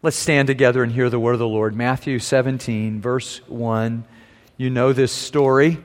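A man's voice: medium pitch, fairly even intonation, moderate pace. Man preaching in an echoing sanctuary. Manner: storytelling with humor, varied pace and volume. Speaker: pastor. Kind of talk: sermon. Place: church sanctuary. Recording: long reverb of a large sanctuary.

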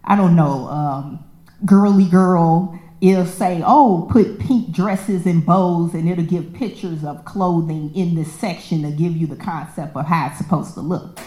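A woman telling a personal story in a casual, lively way, acting out the voices of the people in it. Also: low voice, measured pace. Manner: animated, acts out quoted voices, laughs often. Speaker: storyteller sharing a personal testimony. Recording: echoey room.

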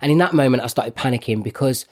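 A man's voice: mid-range voice, quick pace, darkish tone. A man with a Birmingham accent, a podcast co-host telling a story in casual chat, laughing often and mocking himself. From Birmingham, England.

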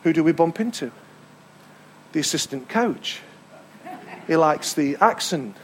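An English man preaching from the pulpit with a high-pitched voice. He tells stories in a lively way and hammers home his points by repeating them. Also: measured pace, background noise. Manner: storytelling, emphatic repetitions. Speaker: pastor. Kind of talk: sermon. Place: church hall.

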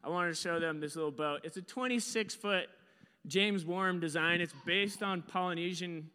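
A man's voice: sits high, normal speed, bright, forceful tone, clean tone, long reverb tail. A young man telling a story with slides in a casual, rambling way. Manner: casual, rambling, lots of fillers.

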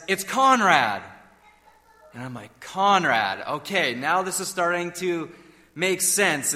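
A man's voice: fairly high pitch, sharp tone, long reverb tail. A man preaching a sermon in a conversational storytelling way, asking his listeners questions. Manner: conversational, asks the audience questions.

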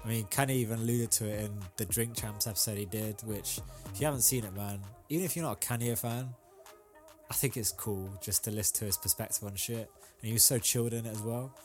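Laid-back low-voiced young man. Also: fairly even intonation, quick pace, soft background music. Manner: laid-back, rambling, frequent ums and slang. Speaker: podcast host. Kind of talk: casual solo podcast chat.

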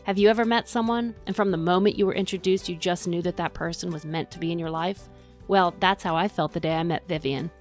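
A woman's voice: on the low side, steady tone, fast talker, faint music behind. A woman hosting a podcast, reading an enthusiastic introduction and then chatting with her co-host. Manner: enthusiastic, upbeat. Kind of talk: scripted introduction and casual podcast chat.

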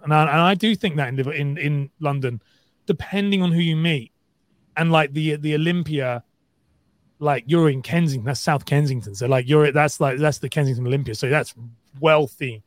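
A man's voice: on the high side, moderate pace, no echo. A man from Liverpool co-hosting a casual podcast, telling rambling stories with many restarts and laughs. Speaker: podcast co-host. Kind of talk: casual chat.

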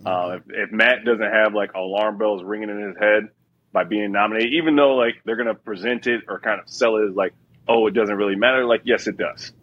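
Husky low man on muffled audio. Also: fairly even intonation. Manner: measured, analytical, filler "like"s. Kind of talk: casual panel chat on a video call.

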